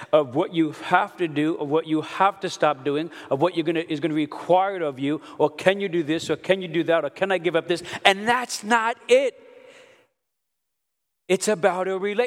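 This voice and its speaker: A man preaching a sermon, animated, telling stories and breaking into loud outbursts. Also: high voice. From Brooklyn, New York. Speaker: pastor. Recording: long hall reverb.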